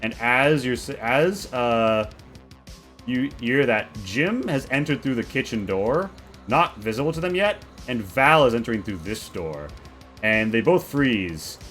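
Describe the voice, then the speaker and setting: A man's voice: mid-range voice, expressive, a little slow, fairly bright tone, faint music behind. A man narrating as game master for a tabletop role-play, in a loose, rambling way with many fillers.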